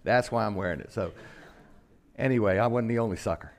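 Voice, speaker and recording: An older man, a pastor preaching a casual, story-filled Christmas sermon, acting out quotes and slowing for solemn lines. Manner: storytelling, acts out quotes with sudden pitch jumps, slows for solemn lines.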